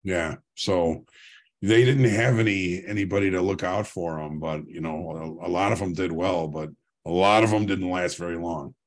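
A man's voice: sits low, normal speed. A man guest on a podcast, a performance coach, chatting casually in a laid-back, reminiscing way with dry humor.

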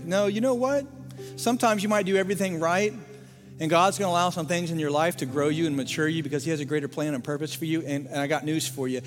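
A man, a lead pastor, preaching a sermon, swinging from hushed quiet passages to loud fervent appeals and sometimes singing a line. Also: on the high side, fast, big-room sound, soft background music.

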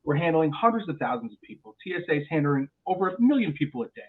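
Guy pilot chatting on a podcast, animated, keeps repeating words, sounds like a tinny phone line. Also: on the high side, quick pace. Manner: animated storyteller with frequent restarts and repeated words. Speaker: airline pilot guest. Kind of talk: podcast interview chat.

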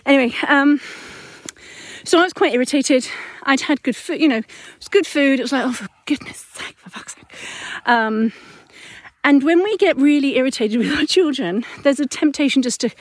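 Walking up a hill outdoors at dusk, a mother who hosts a parenting podcast reflects aloud in a high, animated voice at a moderate pace. She's candid and chatty, correcting herself as she goes, and the recording is dry.

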